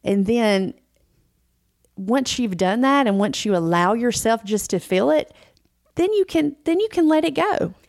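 A woman's voice: on the high side, animated, a little slow, vocal fry, darkish tone, no room sound, studio quality. A woman co-hosting a casual chat, talking earnestly and encouragingly, repeating phrases for emphasis. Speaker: podcast co-host.

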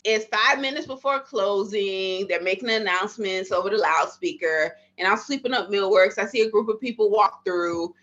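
Speaking at normal speed with few pauses, this woman has a mid-range, slightly bright voice. She's a midwife in her thirties from the Miami area, a podcast guest who casually recounts her story and acts out earlier thoughts and exchanges, recorded in slightly dull lo-fi audio.

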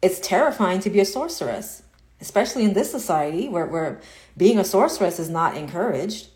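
A woman spiritual coach in a casual live-stream talk, answering viewer comments in an earnest, repetitive way that turns animated when she acts out inner doubts. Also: lowish voice, brisk.

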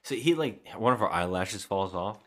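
A man with a fairly low voice co-hosts a casual movie podcast. He retells the plot in an animated way, scene by scene. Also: moderate pace, background noise. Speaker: podcast co-host. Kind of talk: casual movie-review chat.

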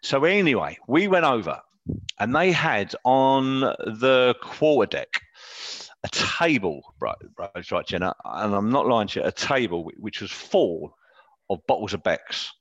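A man telling casual, animated stories as a Navy veteran guest, laughing mid-story and adding tag questions. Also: fairly low pitch, a little slow, no room sound, dull audio.

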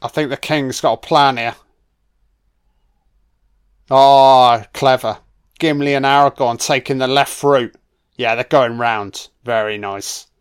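A man giving a casual film commentary, reacting excitedly to the action and swearing freely. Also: medium pitch, takes it slowly, long pauses, clear, resonant tone.

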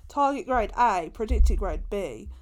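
A woman's voice: mid-range voice, expressive, unhurried. A young woman, chatting casually on a podcast and giggling while she reads old school reports aloud with a friend. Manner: giggly, jokey, reminiscing with a friend. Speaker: podcast co-host.

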